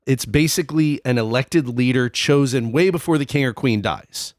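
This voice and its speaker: A man co-hosting a history podcast, explaining in a relaxed, rambling way. His voice sits at a middle pitch. The sound is dry and close, with no room around it. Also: normal speed, no echo. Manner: explanatory, loose, lots of fillers. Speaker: podcast co-host. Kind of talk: casual history podcast chat.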